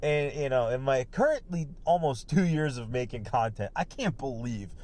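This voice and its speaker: Guy ranting on his commentary channel, swears a ton, keeps laughing, mid pitched voice, jumps from loud to mumbly. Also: lively intonation, normal speed. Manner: profane, rambling, laughs often, swings between loud bursts and muttered asides. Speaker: online commentary host. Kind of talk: rambling rant monologue.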